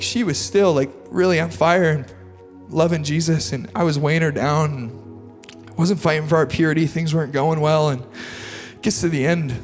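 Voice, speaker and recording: A young male pastor preaches with earnest, confessional feeling that swells into impassioned appeals. His voice sits a little high. It carries the long reverb of a big church hall, with soft music playing behind him. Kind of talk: sermon with personal story. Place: large church auditorium.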